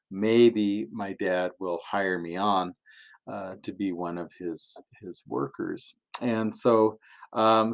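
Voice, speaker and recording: A pastor giving a relaxed family sermon as a story, chuckling often and acting out the characters' lines. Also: male voice, on the low side.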